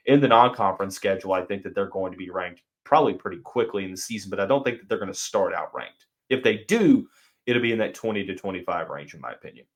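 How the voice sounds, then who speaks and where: A young man hosting a sports podcast, chatting casually and thinking aloud with fillers and restarts. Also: fairly low pitch. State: has the hiccups. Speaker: podcast host.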